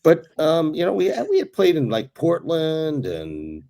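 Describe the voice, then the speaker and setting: A man, a former ballplayer, co-hosting a casual sports talk show and telling animated stories with chuckles. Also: fairly high pitch, a little slow. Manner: animated storyteller who chuckles while recalling. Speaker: podcast co-host, former pro ballplayer.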